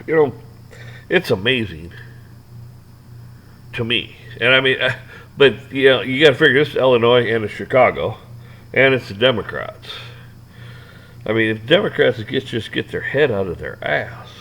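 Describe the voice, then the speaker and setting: A gravelly-voiced man ranting off the cuff. He rambles, curses freely, and keeps restarting his sentences. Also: mid-range voice, lively intonation, normal speed, long pauses, a bit bright, poor audio. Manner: rambling, profane, many restarts and fillers. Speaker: vlogger ranting to camera. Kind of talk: off-the-cuff rant.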